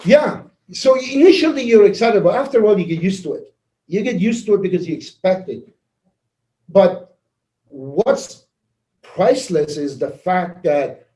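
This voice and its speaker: A man giving a casual motivational talk, animated and laughing as he acts out conversations. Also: sits high, roomy sound, rough recording. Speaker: network marketing leader.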